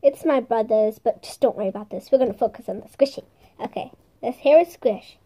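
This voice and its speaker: A young woman vlogger shows off her squishies and slime in a casual show-and-tell, bubbly and playful, with ASMR bits where she whispers and makes little sound effects. Her voice sits on the high side, with a warm tone and a fairly quick pace.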